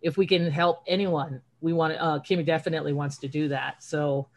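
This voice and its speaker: A woman's voice: low-pitched, fairly even intonation. A woman co-hosting a podcast, talking casually and laughing along. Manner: chatty, quick to laugh along. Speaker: podcast co-host.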